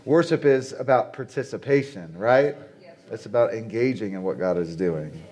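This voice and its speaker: Man, late forties, fairly low pitch, conversational sermon, chatty, rhetorical questions to the audience. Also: animated, normal speed, a little mellow. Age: 40s. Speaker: conference speaker. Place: conference venue.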